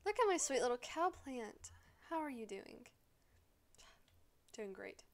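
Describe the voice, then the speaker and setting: A woman streaming a life-sim game, excitably scolding the characters and swearing freely in casual commentary. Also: on the high side, a little slow, gravelly. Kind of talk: casual live gameplay commentary.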